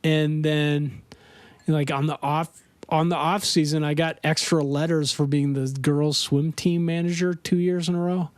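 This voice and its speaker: A man's voice: fairly high pitch, level tone, normal speed, clean tone, no room sound. A middle-aged man from Denver chatting casually on a podcast, telling rambling stories and laughing often. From Denver, USA. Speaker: podcast host. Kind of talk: casual chat.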